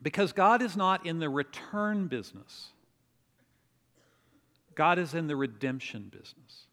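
A man's voice: fairly high pitch, measured pace. Man preaching in an echoing hall. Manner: storytelling, animated retelling with acted quotes. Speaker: pastor. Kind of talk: sermon. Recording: long reverb of a large hall.

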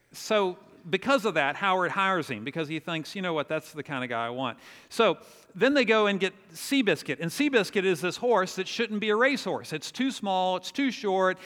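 A man preaching a sermon, telling a story in an animated way and acting out the quotes. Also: sits high. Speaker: pastor. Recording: long reverb of a large hall.

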